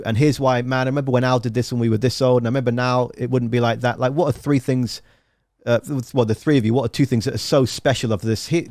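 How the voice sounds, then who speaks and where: An English-accented man hosts a relaxed interview and asks long, winding questions full of playful asides. His voice sits at a middle pitch. It sounds dry and close, with no room echo. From England. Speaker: podcast host. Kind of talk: conversational interview.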